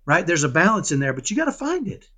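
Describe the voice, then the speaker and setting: A man talking casually in an interview about raising his son, animated and often checking in with "right?". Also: fairly high pitch, quick pace. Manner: animated, keeps asking "right?"; acts out dialogues with his son. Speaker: parenting guest.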